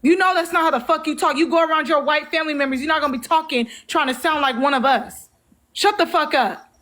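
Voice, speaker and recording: A woman's voice: high voice, fast talker, fairly bright tone. A woman hosting a live stream, angrily confronting someone with heavy swearing. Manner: angry, confrontational, heavy profanity. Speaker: livestream host. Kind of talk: heated live-stream argument.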